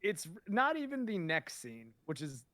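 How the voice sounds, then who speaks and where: A man's voice: high voice, huge pitch swings, moderate pace, fairly bright tone, no room sound. A man chatting casually about a TV episode, restarting sentences and laughing as he talks. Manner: chatty, hesitant restarts, laughs while talking.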